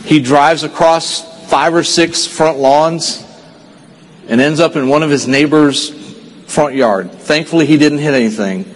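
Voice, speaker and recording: A man from Texas giving an earnest, storytelling speech to a conference audience, dropping low and quiet at the sad parts. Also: a little slow, long reverb tail, low-quality recording. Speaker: motivational speaker.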